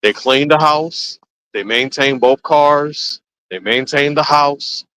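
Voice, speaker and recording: A man hosting a casual chat, telling stories with animated swings into quoted voices. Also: fairly high pitch, slow pace, clean tone, no echo, rough recording. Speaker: host.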